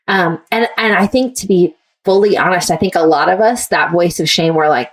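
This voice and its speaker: A woman's voice: fairly low pitch, normal speed, far from the mic. A woman author, a guest in an interview, giving earnest, thoughtful answers with frequent fillers.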